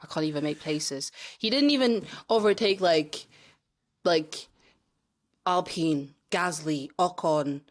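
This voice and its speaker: A woman guesting on a podcast in casual chat, ranting with animated exasperation. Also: deep voice, takes it slowly.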